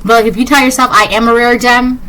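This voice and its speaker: A woman's voice: on the high side, fairly even intonation, quick pace, pushed and bright, a little hiss or hum, low-quality recording. A woman giving a casual tarot reading, rambling and sassy, full of "like" and "um". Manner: rambling, filler-heavy, with frequent "like" and "um". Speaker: tarot reader.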